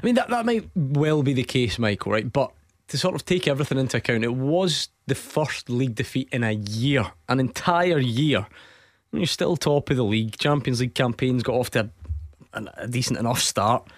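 Scottish radio host, dry studio sound. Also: male voice, mid-range voice, animated, dry recording. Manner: measured, reasonable, reads out numbers. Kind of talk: radio phone-in hosting. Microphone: studio mic.

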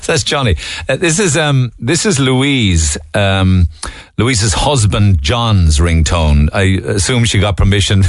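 A middle-aged man with a Cork Irish accent hosting a radio phone-in, chatty and relaxed. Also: on the low side, takes it slowly, no echo. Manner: chatty, relaxed, laughs easily. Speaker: radio talk show host. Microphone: studio mic.

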